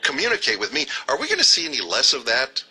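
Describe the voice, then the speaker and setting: A man hosting a radio interview, voicing opinions in a halting way with many restarts. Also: mid-range voice, wildly swooping pitch, pushed and bright, breathy edge. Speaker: radio host.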